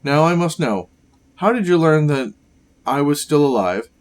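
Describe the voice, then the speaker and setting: A man voicing a gaunt, sickly male scientist villain, reading game dialogue aloud in a grave, measured way. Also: a little high, expressive, lightly acted.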